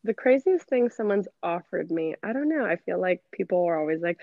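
A woman's voice: fairly low pitch, animated, a little fast, darkish tone. A woman talking as a podcast guest, chatty and casual, full of "like" and quoted asides. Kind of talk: casual interview chat. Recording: dull, dry recording.

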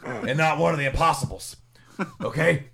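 A man co-hosting a comedy podcast, loudly riffing in casual banter and slipping into impressions. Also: a little high, moderate pace, creaky. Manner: rowdy, riffing, doing wrestler impressions. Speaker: podcast co-host.

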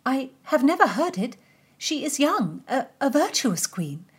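A woman's voice: high-pitched, very animated, measured pace, breathy edge, voice pushed up, exaggerated voice. A woman voicing a timid young maid of honour who stammers and tries to sound worldly. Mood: flustered. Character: flustered earnest young English maid of honour.

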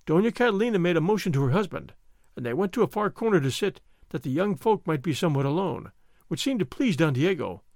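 A man narrating a story aloud in an expressive, theatrical reading style. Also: fairly high pitch, fast, no room sound, clean studio sound. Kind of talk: audiobook reading.

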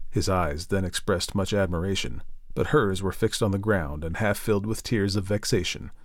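A man narrating a novel at a steady, measured pace. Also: sits low, no echo, clean studio sound. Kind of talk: audiobook narration.

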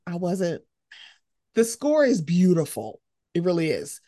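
A young woman hosting a podcast in casual chat, animated and jumping into high, excited voices as she tells stories. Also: a little slow, no echo, studio quality. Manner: animated, swings into high excited voices when quoting herself. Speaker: podcast host.

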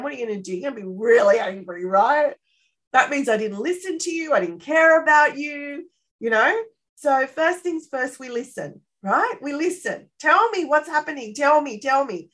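Animated woman, slightly high voice. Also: normal speed. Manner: animated, acts out parent-child dialogue; frequent tag questions. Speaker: parenting expert guest. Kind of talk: casual interview explanation.

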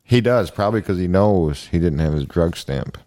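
A man's voice: low-pitched, expressive, moderate pace, dark tone, no echo, studio quality. A man co-hosting a podcast, tossing in profane wisecracks during casual chat. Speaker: podcast co-host.

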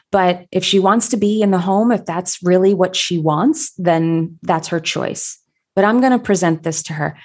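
A woman telling a personal story in a reflective, conversational way, pausing often with fillers. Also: medium pitch, a little mellow.

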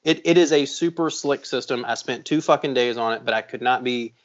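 A man's voice: medium pitch, brisk. A man co-hosting a podcast, telling rambling stories in casual chat and swearing freely. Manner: profane, rambling storyteller. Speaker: podcast co-host, knifemaker. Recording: dull lo-fi sound.

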